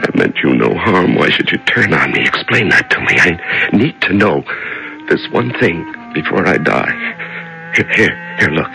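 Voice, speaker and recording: An actor playing a haggard prisoner just out of solitary confinement, stammering and pleading, in a 1970s radio drama. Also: male voice, deep voice, very animated, moderate pace, gravelly, sharp tone, faint music behind, exaggerated voice, poor audio.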